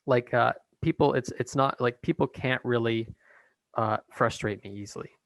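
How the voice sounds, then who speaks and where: A man talking as a guest in a casual conversation, hesitant with many pauses and restarts. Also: mid-range voice, no echo, rough recording.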